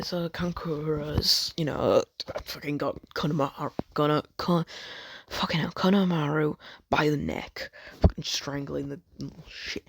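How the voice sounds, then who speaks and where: A man's voice: a little high, creaky, a bit bright, husky, no echo, clean studio sound. A man rambling through a fan story, swearing a lot, cutting himself off and joking about it. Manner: rambling, sweary, self-interrupting, jokey.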